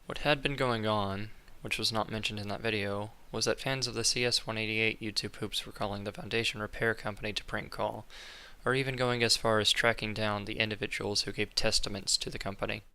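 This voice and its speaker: A young man reading a scripted class presentation in a flat, monotone way. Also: on the low side, a little fast, clear, resonant tone. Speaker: student presenter. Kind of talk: scripted narration.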